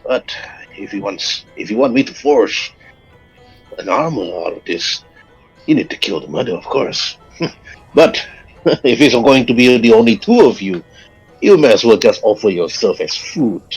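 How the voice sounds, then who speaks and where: A man's voice: mid-range voice, expressive, normal speed, pauses often, slightly rough, faint music behind, rough recording. A man doing a blunt blacksmith-butcher. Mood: gruff. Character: burly male blacksmith-butcher, blunt and teasing.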